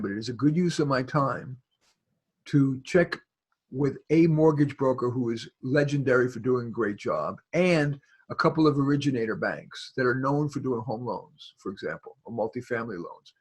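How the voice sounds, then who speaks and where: A man's voice: medium pitch, moderate pace, breathy edge. A man from New York giving rambling advice over a video call, full of restarts and fillers. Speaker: guest expert.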